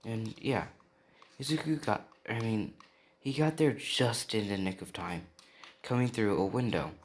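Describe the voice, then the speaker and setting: Slow, rambling young man storyteller. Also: lowish voice, slight background noise. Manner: rambling, full of fillers. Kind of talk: improvised fan story narration.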